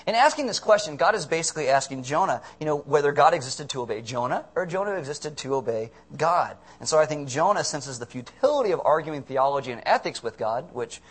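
Animated, chatty preacher man. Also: fairly high pitch, fairly quick, few pauses, husky. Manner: animated, conversational, acting out voices. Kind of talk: casual sermon.

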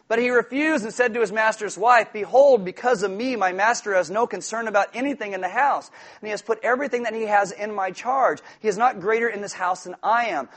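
A man preaching a sermon in an animated, joking way, acting out quoted voices. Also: high-pitched. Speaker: pastor.

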